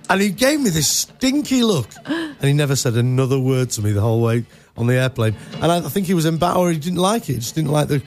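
A man's voice: on the high side, very animated, quick pace. Jokey rambling man on the radio. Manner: jokey, rambling storyteller who laughs at his own jokes. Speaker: radio host. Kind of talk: casual radio chat. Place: radio studio.

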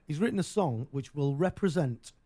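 A chatty English man on the radio, rambling from one joke to the next. His pitch swings widely as he talks, with a mellow, warm tone. The sound is close and dry. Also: animated, moderate pace, no room sound. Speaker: radio show host. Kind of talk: casual on-air banter.

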